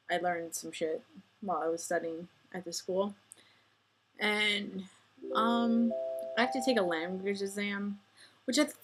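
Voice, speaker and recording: Woman, 20s, vlogger; chatty, self-deprecating, slow unhurried delivery. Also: medium pitch, a bit bright. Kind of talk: casual vlog monologue.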